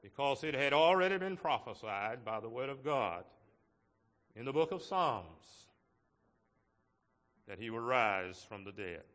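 A man preaching a sermon to his congregation in a slow, measured way, with emphatic rises on key words. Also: medium pitch, expressive, a bit bright, long reverb tail. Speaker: pastor.

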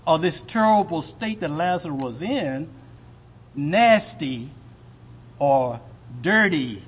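A man preaching a sermon with a husky voice, asking the congregation rhetorical questions. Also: on the high side, expressive, takes it slowly. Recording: long hall reverb.

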